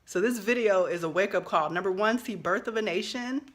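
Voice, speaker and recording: A woman's voice: mid-range voice, brisk. A woman in her thirties, a social worker, giving a passionate vlog monologue, emphatic and swearing freely as she builds to outbursts.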